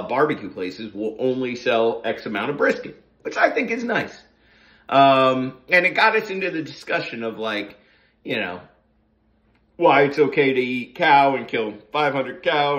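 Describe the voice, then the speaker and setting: A middle-aged man from New Jersey hosts a morning talk session with a mid-range, fairly bright voice. His casual monologue is full of profane, sarcastic rants.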